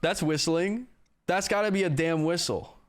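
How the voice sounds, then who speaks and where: A man's voice: fairly high pitch, moderate pace, background noise. A male livestreamer chatting casually with viewers, joking and swearing as he answers their questions. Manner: joking, profane, self-mocking.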